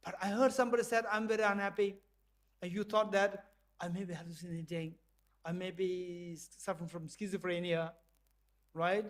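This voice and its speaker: High-voiced man leading a playful lecture. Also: steady tone, moderate pace. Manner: playful, acts out dialogue in small voices and laughs often. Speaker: visiting professor lecturing. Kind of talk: interactive lecture with group exercise. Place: lecture hall.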